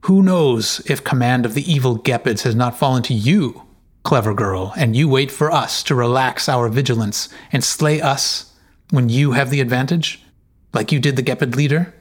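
A man's voice: medium pitch, normal speed, close to an everyday voice. A man voicing a proud, suspicious aging chieftain who speaks in an accusing, commanding way in a storybook reading.

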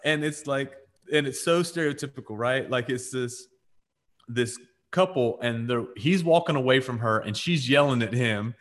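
A talkative man co-hosting a faith podcast, who spins his stories with lively swings in pitch. He keeps saying "like" and "right?" and acts out the people he quotes in their own voices. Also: moderate pace. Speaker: podcast co-host. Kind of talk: casual faith conversation, storytelling.

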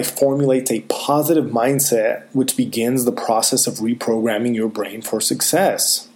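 A man giving a motivational self-help talk, earnest and emphatic, slowing down on key phrases. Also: mid-range voice, steady tone, darkish tone. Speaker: motivational speaker.

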